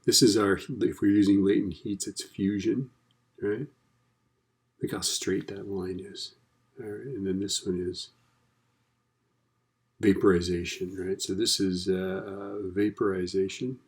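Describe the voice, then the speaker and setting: A man's voice: sits low, flat delivery, unhurried, pauses often. A man teaching a recorded lesson in a chatty, casual way, often checking in with "right?". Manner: chatty, keeps asking "right?".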